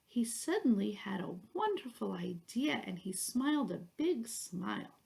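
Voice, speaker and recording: A woman reading a children's picture book aloud in a slow, expressive way. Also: medium pitch, vocal fry. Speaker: storyteller.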